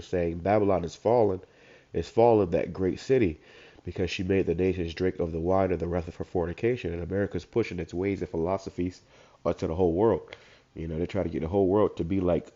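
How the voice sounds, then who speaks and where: A man with a stuffed-up voice who reads verses slowly, then comments on them in casual slang. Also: low voice, mellow. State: congested, stuffed up. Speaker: street preacher. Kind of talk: informal scripture commentary. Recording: dull lo-fi recording.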